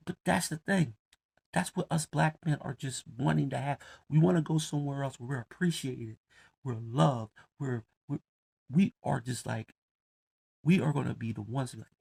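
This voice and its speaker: A man's voice: medium pitch, moderate pace, gravelly, darkish tone, slightly rough. A man with ranting bluntly and heatedly, with lots of profanity. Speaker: commentator. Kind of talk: casual rant to camera.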